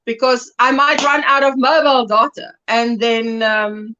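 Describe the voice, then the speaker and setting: South African woman, livestream host, bright voice, on a phone, dull lo-fi sound. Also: a little high, little pitch movement, a little slow, slight background noise. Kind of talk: casual livestream chat. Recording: dull phone audio over mobile data.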